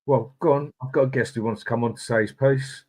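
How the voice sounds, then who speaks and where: A man's voice: mid-range voice, steady tone, fast talker, slightly rough. A man hosting a live football stream, ranting angrily and swearing, then reading out and greeting viewers in the chat by name. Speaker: host.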